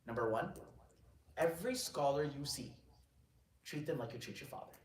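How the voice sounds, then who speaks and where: Animated male lecturer in an echoey room. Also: on the high side, moderate pace. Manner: lively retelling, quotes Arabic then translates. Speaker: religious teacher. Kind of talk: storytelling lecture. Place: indoor gathering room. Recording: echoey room, distant mic.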